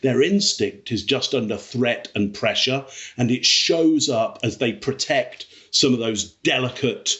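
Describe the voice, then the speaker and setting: A man's voice: medium pitch, a little slow, fairly bright tone, muffled recording. A male body language expert on a panel, demonstrating vocal cues by acting them out as he talks. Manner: demonstrative, acts out vocal inflections. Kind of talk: panel discussion.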